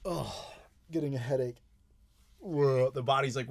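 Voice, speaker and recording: A man hosting a live Q&A, telling stories in a blunt, profane, animated way. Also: medium pitch, measured pace, creaky. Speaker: host answering live chat questions. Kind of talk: casual live Q&A chat.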